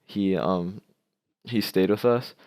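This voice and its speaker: A man's voice: sits low, takes it slowly, darkish tone, dry recording. A young man telling a prank story to his viewers, casual and rambling, laughing as he goes. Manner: laughing, rambling with many fillers. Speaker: vlogger.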